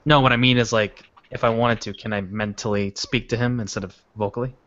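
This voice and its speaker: A man's voice: on the low side, fairly even intonation, brisk, a bit bright. A man playing in a casual tabletop role-play, talking hesitantly with frequent restarts. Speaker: player. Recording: dull lo-fi recording.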